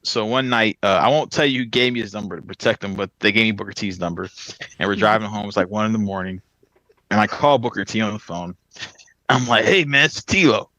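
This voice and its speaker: A man's voice: lowish voice, fast talker, no echo, poor audio. A man in casual podcast chat, telling a story with lots of "like" and "um" and frequent laughter. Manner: animated, laughs often, fillers like "like" and "um". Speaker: podcast guest, pro wrestler.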